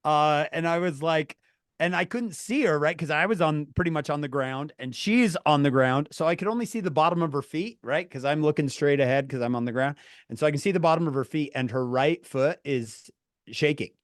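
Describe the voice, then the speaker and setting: A man telling a story to his viewers, animated and laughing through his words, calling on chat by name. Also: a little high, fairly quick, dry recording, clean studio sound. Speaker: streamer talking to viewers. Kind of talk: casual storytelling.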